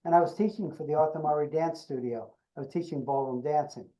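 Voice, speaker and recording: An older man, an actor being interviewed, tells an anecdote with animated delivery and acts out the dialogue. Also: fairly high pitch, quick pace, highs cut off. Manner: animated storyteller acting out quoted dialogue. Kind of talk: storytelling anecdote.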